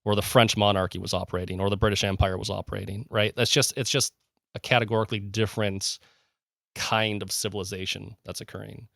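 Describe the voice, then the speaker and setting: Rambling, eager man, low voice. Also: level tone, fast talker, creaky, a bit bright, no room sound, studio quality. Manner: enthusiastic, rambling with many fillers and restarts. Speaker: podcast co-host. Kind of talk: casual conversational podcast.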